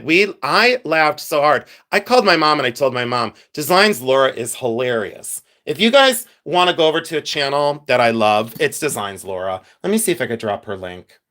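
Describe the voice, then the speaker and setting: A man's voice: medium pitch, a bit bright. A man hosting a casual live stream, telling stories and answering viewers' comments by name. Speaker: livestream host.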